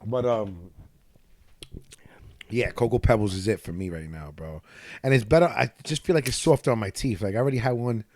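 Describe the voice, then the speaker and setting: A man in his late thirties hosting a podcast, telling stories in an animated, slang-heavy way with a slight lisp. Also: lowish voice, fairly quick, dry recording, clean studio sound. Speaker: podcast host. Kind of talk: casual chat.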